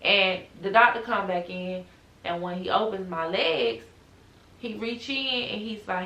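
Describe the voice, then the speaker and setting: A young woman vlogging, retelling a personal story with animated emotion. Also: mid-range voice, normal speed, echoey room, rough recording.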